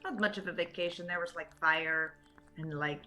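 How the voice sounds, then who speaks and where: A woman's voice: on the low side, steady tone, moderate pace, pushed and bright, faint music behind. A woman playing a character at a tabletop game, chatty and rambling, with lots of fillers. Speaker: player.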